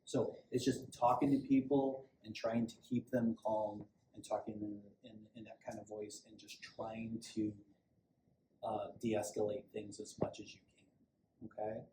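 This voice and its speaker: A middle-aged police sergeant gives a casual safety training talk, rambling conversationally and often restarting his sentences. His voice is fairly low and unhurried, with little pitch movement. The room is echoey with a faint background hum.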